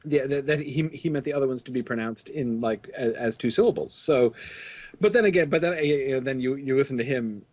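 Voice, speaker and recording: A man's voice: medium pitch, a little fast, a little mellow, dry recording. A man co-hosting a casual gaming podcast, rambling with lots of restarts and fillers. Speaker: podcast co-host.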